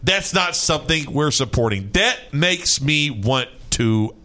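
A young man from Kentucky co-hosting a sports talk radio show, ranting and excitable, quick to shout. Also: fairly high pitch.

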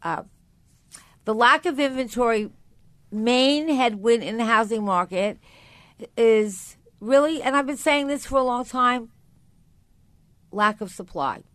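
A chatty older woman hosting a radio talk show, with a fairly high voice. She rambles and corrects herself as she talks, close on a dry studio mic with no room sound. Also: measured pace, pauses often, a bit bright, no echo.

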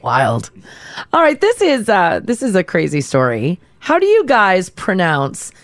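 A woman co-hosting a chatty radio show, poking at her co-hosts with playful questions. Her pitch moves around a lot as she talks, and the sound is dry and close. She sounds relaxed and talkative. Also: a little slow, no echo. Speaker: radio co-host. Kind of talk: casual chat.

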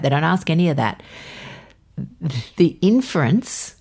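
A woman's voice: lowish voice, expressive, measured pace, creaky. A middle-aged woman co-hosting a casual advice podcast, practical and assertive with playful asides. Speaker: podcast co-host.

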